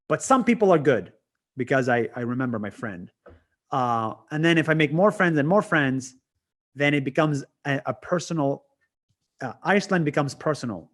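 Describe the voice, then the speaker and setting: A young man from Israel, a native Arabic speaker, talking in a casual video-call interview, animated, laughing and swearing as he talks. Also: medium pitch. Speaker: interview guest, video creator.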